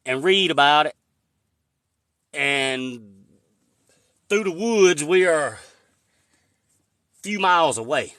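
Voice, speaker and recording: A man's voice: a little high, animated, a little slow, long pauses, pushed and bright, no room sound. Folksy man live-streaming outdoors. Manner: rambling, folksy, answers viewer comments. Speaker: livestreamer. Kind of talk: casual live-stream chat. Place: outdoors in the woods. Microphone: phone held in hand.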